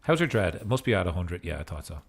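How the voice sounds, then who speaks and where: A man with a fairly low voice talks through a strategy game as a streamer. His commentary is casual and loose, drifting into goofy, joking asides between moves. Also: very animated, quick pace, creaky, slightly rough. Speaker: gaming streamer.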